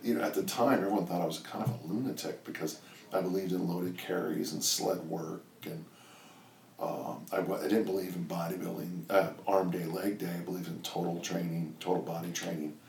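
An older man with a very low voice talks in a loose, rambling way, circling back with "you know" as he tells his stories. He sits back from the mic in an echoey room, with faint ambience behind him. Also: steady tone, fairly quick, vocal fry, darkish tone, far from the mic, a little hiss or hum. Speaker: strength coach and guest. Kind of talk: casual interview storytelling.

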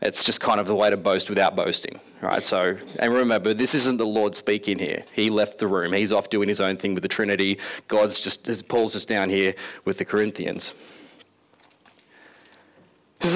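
A man preaching a casual sermon in an animated, conversational way, acting out scenes with voices. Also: fairly low pitch, moderate pace.

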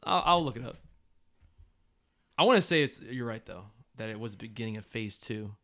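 A man with a bright, sharp tone and a lively, swinging delivery. He is excitable, laughs often and keeps jumping in with questions in a loose, casual chat. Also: mid-range voice, moderate pace.

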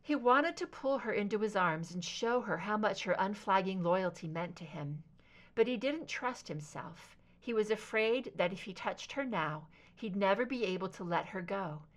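A woman reading fan fiction aloud as audiobook narration, in a measured, even way. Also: mid-range voice. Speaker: audiobook reader.

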